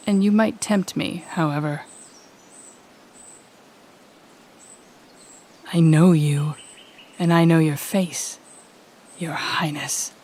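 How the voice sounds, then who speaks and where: A woman's voice: lowish voice, darkish tone, slight background noise, close to an everyday voice. A woman voicing a cold, sardonic female demon lord who talks in a curt, cutting, sarcastic way in an audio role-play. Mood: cold, disdainful.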